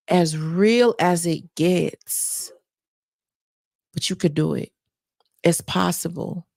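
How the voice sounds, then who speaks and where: A woman's voice: fairly low pitch, very slow, gravelly, long pauses, darkish tone, dry recording, studio quality. A Jamaican woman, a mother, hosting a live stream and speaking earnestly and emotionally, often repeating herself and addressing her viewers directly. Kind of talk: heartfelt live-stream talk.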